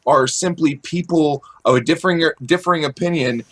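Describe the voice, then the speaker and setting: A man's voice: on the high side, a little fast. A man co-hosting a podcast in casual commentary, indignant and stammering as he talks. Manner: stammering, indignant, with frequent restarts. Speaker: podcast co-host.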